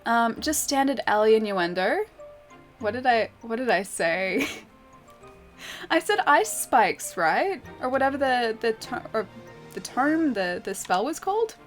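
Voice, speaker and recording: A woman's voice: on the high side, big pitch swings, measured pace. A young woman streaming a game, chatting casually with her viewers, giggling often and filling her talk with little asides. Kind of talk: casual gameplay chat, reading chat aloud. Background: faint game music.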